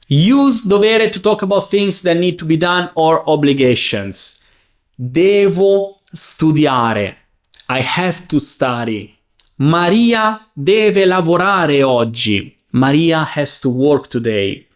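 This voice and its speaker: A man teaching a beginners' language lesson, saying examples slowly and clearly. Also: fairly high pitch, expressive. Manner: slow, clear, enunciating. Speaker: Italian teacher.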